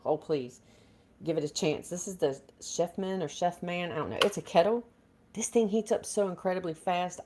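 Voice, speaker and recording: A woman's voice: deep voice, a little mellow. A middle-aged woman, hosting a casual live stream from her kitchen, chatty and talking herself through her nerves. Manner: nervous, chatty, talks herself through worry. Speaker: homestead vlogger, live stream host. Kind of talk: casual live chat with viewers. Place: home kitchen.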